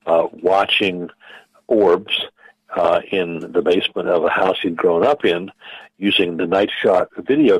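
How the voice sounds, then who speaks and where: A man, a physicist guest on a radio interview, explaining in a measured, halting way with many fillers and restarts. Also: low-pitched, breathy edge, no echo, dull audio.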